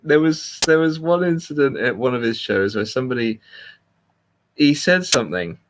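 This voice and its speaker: A man's voice: mid-range voice, expressive, moderate pace, a little hiss or hum, rough recording. A British man chatting casually as co-host, telling wry self-deprecating stories. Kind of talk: casual chat.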